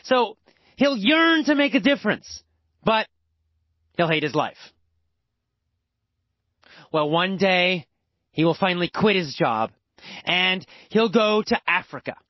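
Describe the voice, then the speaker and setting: Slow, animated male English teacher. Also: no room sound. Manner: exaggerated, repetitive, animated storytelling with big pitch swings. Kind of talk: slow, emphatic storytelling lesson. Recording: dull lo-fi, dry recording.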